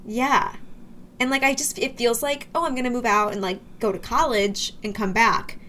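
A woman's voice: fairly high pitch, fairly even intonation, moderate pace, bright, forceful tone, slight background noise. A young woman co-hosting a podcast, chatting casually and joking with her friend. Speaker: podcast co-host. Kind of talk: casual chat.

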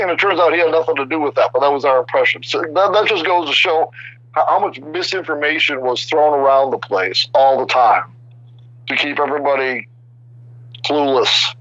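An older man in his sixties chats as a guest, his stories full of restarts and sudden animation. His voice sits a little high. The audio is dry and somewhat dull, like a remote radio call. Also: normal speed, no echo. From Chicago area. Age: 60s. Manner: rambling, animated, many restarts. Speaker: guest artist. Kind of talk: casual storytelling interview.

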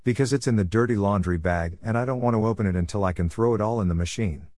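A man's voice: on the low side, fast talker, a little mellow, dry recording, studio quality, lightly acted. A man reading an uneasy young mother. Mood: doubtful.

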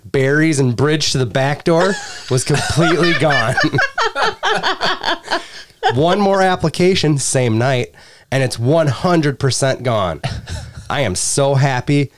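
A man's voice: fairly high pitch, unhurried. A male host reading product reviews aloud in casual chat, breaking into laughter and crude jokes. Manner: laughs often while reading, crude humor. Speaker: podcast host.

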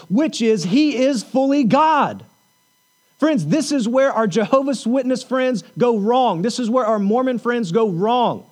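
A pastor with a very high-pitched, slightly mellow voice preaches a sermon. He reads scripture and builds to emphatic points, earnest and repetitive, returning again and again to the same phrases.

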